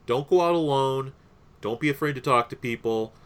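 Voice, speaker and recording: A man's voice: mid-range voice, moderate pace, clear, resonant tone. A young man co-hosting a podcast in casual, rambling chat, with many fillers. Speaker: podcast co-host.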